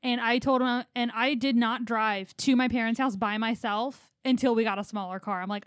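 A woman's voice: a little high, normal speed, hardly any pauses, no room sound, studio quality. A woman co-hosting a casual podcast, telling stories in a chatty way with lots of fillers. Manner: chatty storytelling with many "like" fillers. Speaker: podcast co-host.

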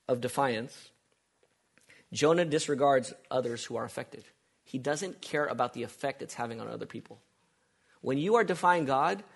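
Emphatic preacher, man, slightly high voice. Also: creaky, breathy edge. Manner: emphatic, repeats phrases, asks rhetorical questions. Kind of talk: sermon.

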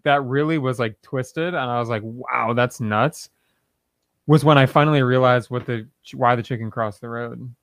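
A man on a casual podcast who tells a dark joke with a straight delivery and laughs easily. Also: medium pitch, moderate pace, dry recording, studio quality. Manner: deadpan dark humor, laughs a lot. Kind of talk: casual chat.

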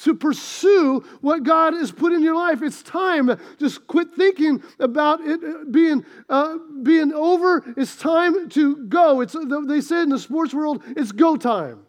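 High-voiced preacher telling stories. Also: male voice, unhurried, few pauses. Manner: animated storytelling, swings from loud outbursts to low asides. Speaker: pastor. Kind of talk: sermon.

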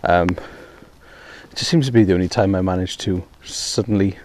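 A man's voice: low-pitched, moderate pace, darkish tone, no room sound. A man hosting his own podcast, talking casually and rambling with lots of ums while walking outdoors in heavy rain on a hands-free headset. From Wales. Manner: rambling, self-deprecating, many ums. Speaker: podcast host. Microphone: hands-free phone headset.

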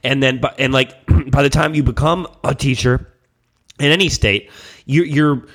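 A man's voice: medium pitch, fairly even intonation, moderate pace. A man telling rambling stories in casual podcast chat, swearing freely and acting out what people said. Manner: rambling storyteller, swears freely, acts out quotes loudly.

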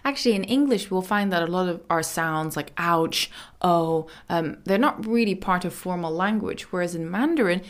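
Woman, language teacher, lesson podcast, slow careful repeats, chatty explanations. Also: on the low side. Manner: explains brightly, repeats Mandarin words slowly and clearly. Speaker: Mandarin teacher.

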